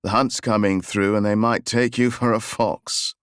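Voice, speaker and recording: A man voicing a tall, blunt English gentleman on horseback, speaking in a deep, curt English accent. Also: fairly even intonation, moderate pace, clear, resonant tone, no room sound, studio quality, natural voice. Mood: gruff.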